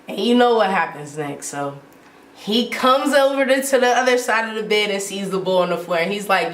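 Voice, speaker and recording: Animated woman in her twenties, slangy. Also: medium pitch, moderate pace. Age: 20s. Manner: animated and slangy, heavy use of filler "like". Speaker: vlogger. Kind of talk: casual storytime. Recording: roomy sound from off the mic.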